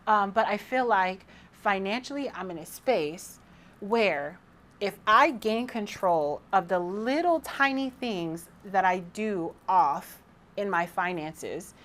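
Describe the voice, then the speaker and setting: A woman in her thirties talking casually to camera as a vlogger, excited and rambling, with frequent restarts. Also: mid-range voice, slow pace.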